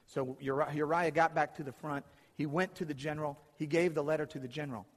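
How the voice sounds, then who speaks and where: A man's voice: on the high side, fairly even intonation, fast talker, big-room sound. A man preaching a sermon, retelling Bible stories and acting out the characters' lines.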